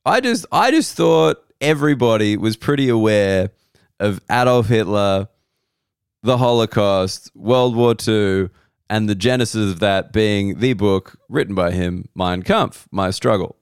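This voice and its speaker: A man's voice: lowish voice, a little slow, clean tone, dry recording, studio quality. An Australian man, a comedian, telling rambling comic stories on a podcast, wry and sweary with frequent restarts.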